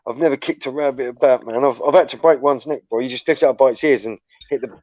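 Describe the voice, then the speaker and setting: Swearing freely and laughing through his anecdotes, a young host shares school stories in a relaxed chat. He talks fast with a medium-pitched, slightly mellow voice, captured in muffled, dry audio.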